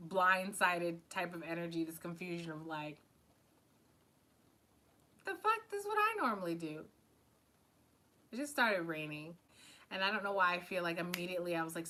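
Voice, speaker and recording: Woman host of a live tarot stream: very bright, keen tone, loose chatty delivery, swears freely. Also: on the low side. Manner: loose and chatty, heavy on "like", swears and laughs often. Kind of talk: casual live-stream chat.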